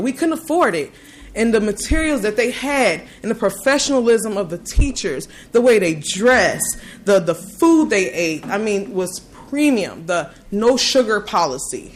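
A woman's voice: medium pitch, a little hiss or hum. Earnest woman telling her story. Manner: earnest, animated storytelling with many restarts. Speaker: parent giving testimony. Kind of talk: personal testimony.

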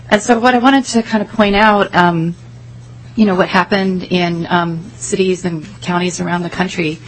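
A woman representing an advocacy group, giving earnest, measured testimony to a legislative committee. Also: fairly low pitch, a little hiss or hum, rough recording.

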